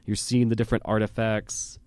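A man hosting a podcast, telling a childhood story in a casual, animated way, with fillers and laughing at himself. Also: fairly low pitch, fairly quick, smooth, no room sound, clean studio sound. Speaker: podcast host.

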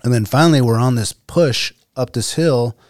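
A man's voice: medium pitch, normal speed. A man in an easygoing podcast chat, telling a story in a rambling way and swearing casually. His voice sits in a middle range. The sound is dry and close, with no room echo.

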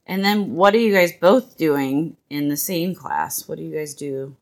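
A woman in her thirties hosts a podcast, speaking a little slowly in a low voice. The chat is casual and playful, and she laughs often.

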